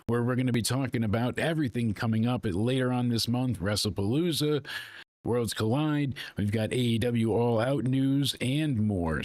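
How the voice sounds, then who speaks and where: A man's voice: medium pitch, a little mellow, no room sound. A man hosting a casual live review, retelling scenes in a loose, chatty way full of "you know" and "he's like". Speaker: wrestling show reviewer, host.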